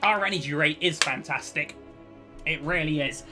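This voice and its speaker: A man's voice: on the high side, normal speed, music in the background. A man giving cheerful, chatty commentary over his own strategy gameplay, thinking aloud as he plays. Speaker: let's play host.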